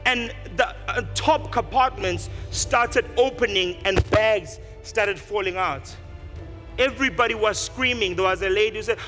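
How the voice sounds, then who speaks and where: Animated high-voiced man. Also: a little slow, soft background music. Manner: animated storyteller acting out characters. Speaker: speaker. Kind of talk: motivational speech with storytelling.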